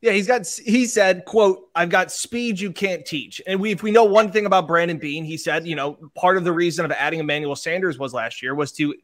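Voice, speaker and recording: Male sports reporter, chatty storyteller, slightly high voice. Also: fairly quick, few pauses, a bit bright. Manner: chatty storyteller, mimics interview exchanges. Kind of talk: sports talk discussion.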